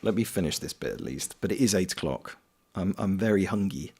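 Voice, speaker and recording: A man's voice: low-pitched, lively intonation, fairly quick, warm tone, breathy edge. A man from Wales chatting casually on a live stream while gaming, rambling and reading chat aloud. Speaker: streamer and voice actor.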